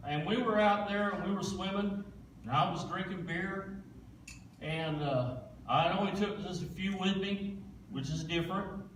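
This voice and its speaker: A man's voice: high voice, a little slow, a bit bright, slight background noise. Man telling his story in a big echoey church. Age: 40s. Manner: plain-spoken storytelling, folksy Southern phrasing. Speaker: guest speaker. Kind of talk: testimony in a church service. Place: church sanctuary. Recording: echoey church room, distant mic.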